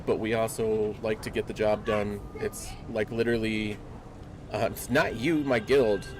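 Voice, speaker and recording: Low-voiced man, rambling stream chat. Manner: loose rambling talk full of fillers. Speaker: game streamer. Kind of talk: casual live-stream chat. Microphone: desk microphone. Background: game music.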